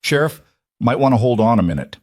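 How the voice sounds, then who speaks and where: A man voicing a calm, weathered ranch hand with an easy authoritative drawl. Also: mid-range voice, fairly quick, slightly rough, dry recording, clean studio sound.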